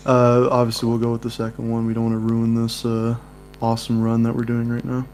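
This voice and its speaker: A young man with a mid-range voice and vocal fry reads a dating-sim game aloud with friends on a home mic, speaking briskly. He laughs and cracks jokes between lines with animated asides. A faint mains hum runs behind him.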